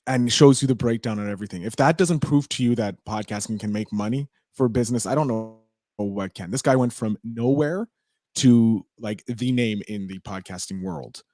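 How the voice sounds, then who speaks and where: A man's voice: medium pitch, lively intonation, moderate pace, mellow, no room sound, studio quality. A man hosting a podcast, talking casually and energetically, agreeing with his guest. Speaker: podcast host.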